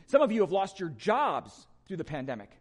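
Man, pastor, high voice, emphatic sermon, rhetorical questions, loud then hushed. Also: big pitch swings, brisk.

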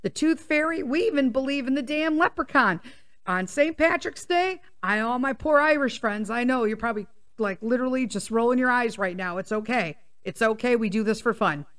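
A woman's voice: a little high, brisk. A woman hosting a casual talk show, telling a rambling story and swearing freely as she rants. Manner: profane, animated ranting; rambling with restarts and asides. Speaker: podcast host.

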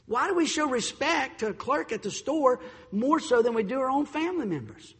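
Pastor, high husky voice, animated storytelling sermon, long hall echo. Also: male voice, normal speed. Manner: animated storyteller, acts out voices, swings loud and soft. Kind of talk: sermon with personal stories.

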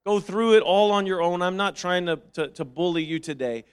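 A man preaching a sermon, reading and quoting scripture and repeating phrases, moving from quiet reasoning to loud, fervent calls. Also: high-pitched, moderate pace, clean tone.

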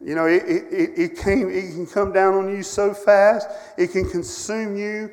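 A middle-aged man preaching a sermon, telling personal stories with feeling, rising loud and then dropping to a hush. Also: high voice, level tone, moderate pace, hardly any pauses. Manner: emotional storytelling, swings from loud to hushed. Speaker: camp director preaching. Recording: long hall reverb.

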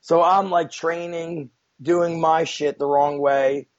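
A man's voice: a little high, steady tone, takes it slowly. A man telling a story as a guest in a casual, rambling way, with many fillers and frequent swearing, on a dull lo-fi recording. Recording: dull lo-fi sound.

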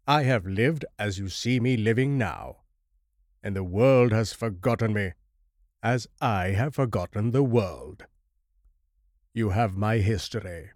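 A man voicing a bitter, reclusive older male scholar in a horror story reading, with a measured, grave and formal delivery. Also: medium pitch, no echo, clean studio sound, voice pushed up, natural voice.

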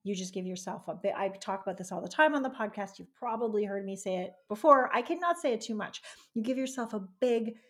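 A woman's voice: medium pitch, animated, fast talker, few pauses. A woman hosting a podcast, speaking directly and encouragingly to her listeners in a casual chat. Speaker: podcast host.

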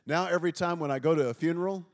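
A man's voice: fairly high pitch, very fast, in a large hall. A man in his fifties, a pastor, giving a humorous sermon to a congregation, joking at his own expense and quizzing the listeners. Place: church sanctuary before a congregation.

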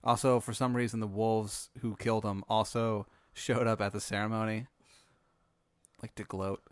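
A man with a medium-pitched voice rambles through an improvised comic story, deadpan and full of fillers. The sound is dry and close, with no room echo. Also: normal speed, smooth. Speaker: podcast host.

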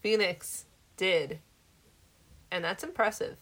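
A woman's voice: fairly low pitch, slow pace, fairly bright tone. Giggly, easily amused woman chatting. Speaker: podcast co-host. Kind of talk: casual movie discussion.

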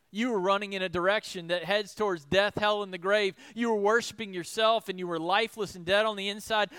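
High, animated preacher man. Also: clean tone, dry recording. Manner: animated, rhetorical questions, shifts between loud emphasis and soft asides. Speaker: pastor. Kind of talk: sermon.

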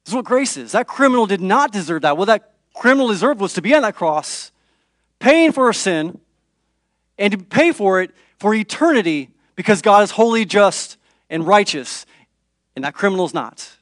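A man, a pastor with young children at home, preaching a dramatic sermon that moves between hushed and raised passages. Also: high-pitched, animated, normal speed, dry recording, clean studio sound.

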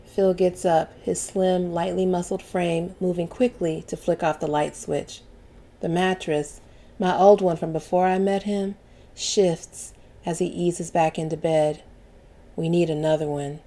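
A woman's voice: on the low side, fairly even intonation, unhurried, mellow. A woman narrating a first-person audiobook with a wry, exasperated manner.

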